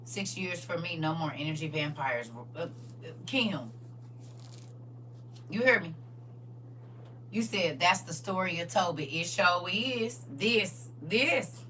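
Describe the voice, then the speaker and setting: Woman livestream host with a bright, forward voice, preachy and chatty, mic set back with faint hiss. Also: on the low side, slow, long pauses, distant mic. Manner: lively, preachy, laughs often, answers viewers directly. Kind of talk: casual livestream chat reading viewer comments.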